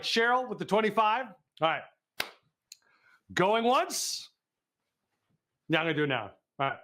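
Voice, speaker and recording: A man from the Midwest hosts a live charity stream and calls donation auctions with a goofy, teasing manner. His voice sits high for a man and bounces around constantly. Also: pushed and bright. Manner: playful, goofy, teasing the audience. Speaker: telethon host running a donation auction.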